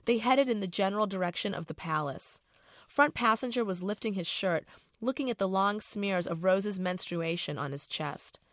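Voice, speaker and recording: A woman's voice: medium pitch, moderate pace, a bit bright, no echo, studio quality. A middle-aged woman author reading her novel aloud in a casual, profane first-person voice.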